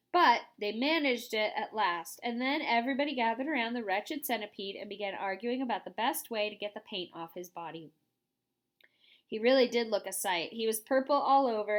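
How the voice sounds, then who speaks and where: A woman reading a children's storybook aloud in an animated, expressive way. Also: on the high side. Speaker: reader.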